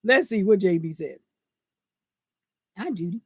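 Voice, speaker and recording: A woman's voice: mid-range voice, unhurried, breathy edge, no echo, studio quality. A woman talking straight to her viewers in a casual, indignant vlog monologue, often laughing through her words and asking "right?". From United States. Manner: animated, indignant, laughs mid-sentence, asks rhetorical "right?". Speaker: vlogger, channel host.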